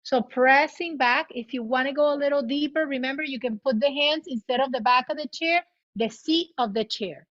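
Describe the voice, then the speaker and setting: A woman guiding a chair yoga class, giving cues in both English and Spanish and demonstrating loud vocal sounds. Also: sits high, moderate pace. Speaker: yoga instructor. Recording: muffled lo-fi recording.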